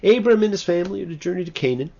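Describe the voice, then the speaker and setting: A man's voice: sits high, expressive, very fast, vocal fry, a little mellow, muffled recording. A man, a rabbi, giving a sermon-style talk on his show, reading scripture with dramatic, emphatic swings.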